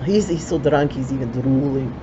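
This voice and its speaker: A woman's voice: extremely low pitch, normal speed, dark tone, muffled recording, a little hiss or hum. An older woman with a Ukrainian accent telling a folksy story in broken English, with chatty asides.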